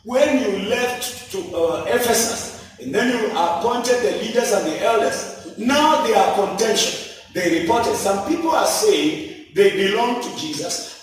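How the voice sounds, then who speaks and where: A man's voice: sits high, animated, a little slow, slight background noise. A man preaching a sermon with emphatic repetition and scripture quotes, from Kenya. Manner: emphatic preaching, repeating key lines, quoting scripture. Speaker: apostle preaching. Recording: echoey church hall, voice from far off.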